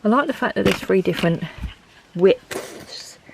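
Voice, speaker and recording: A woman's voice: mid-range voice, expressive, a little slow, gravelly, noisy background. Chatty woman sorting craft supplies. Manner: rambling, thinks aloud, talks to herself while sorting. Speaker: craft vlogger. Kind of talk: chatty vlog. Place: home craft room, indoors.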